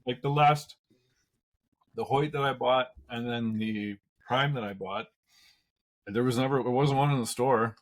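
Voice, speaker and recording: A man's voice: mid-range voice, a little slow, long pauses. A man from Canada hosting a casual podcast chat, often restarting his sentences before landing the point. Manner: starts sentences over, easygoing. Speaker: podcast host.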